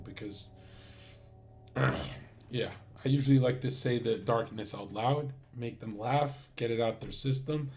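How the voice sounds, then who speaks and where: A man's voice: medium pitch, measured pace, a little mellow, soft background music. A man streamer talking in a casual, crude and rambling monologue full of swearing.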